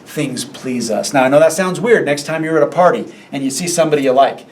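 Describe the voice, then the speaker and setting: A man's voice: a little high, fast, recorded from a distance, a little hiss or hum. Man teaching Spanish grammar in class. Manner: repetitive, asks rhetorical questions, stretches words for emphasis.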